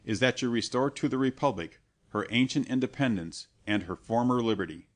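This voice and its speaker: A man reading an audiobook and voicing an austere monk who speaks gravely and slowly. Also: mid-range voice, natural voice. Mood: stern. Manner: grave, measured, severe. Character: stern, solemn male monk preacher, unbending.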